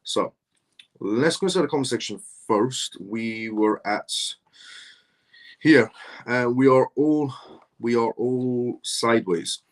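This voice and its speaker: A man's voice: medium pitch, slow, long pauses. A man hosting a live stream, reading out viewer comments and answering questions in a casual, repetitive conversational way.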